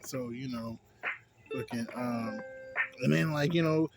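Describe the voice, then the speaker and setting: A man's voice: medium pitch, unhurried, gravelly, loud music behind the voice. A man vlogging a casual movie review, rambling and cursing heavily. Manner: profane, rambling, animated.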